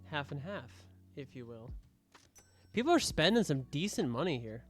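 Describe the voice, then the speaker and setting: A man's voice: a little high, very animated, moderate pace, a bit bright. A young man casually commenting while streaming a game, joking and mock-scolding the customers, with faint music behind him.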